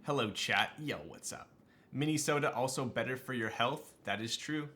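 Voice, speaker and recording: A man's voice: mid-range voice, normal speed, sharp tone. Laid-back, slangy young man streaming. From Southern California. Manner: laid-back, slangy, with frequent fillers and laughs. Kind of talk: casual live-stream chat. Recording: light music behind.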